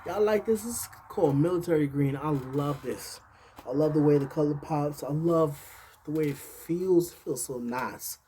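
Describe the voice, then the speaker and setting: A man's voice: a little high, normal speed, mellow, breathy edge. Chatty New York man, talking outdoors. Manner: rambling and chatty, with many fillers and laughs. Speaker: vlog host. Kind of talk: casual chat. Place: outdoors near a highway. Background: passing traffic.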